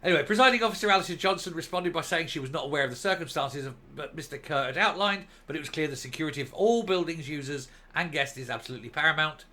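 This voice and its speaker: A man's voice: a little high, fast talker, few pauses, sharp tone. An older man hosting a ranting opinion monologue, scornful and mocking, rambling with fillers. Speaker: political commentary host.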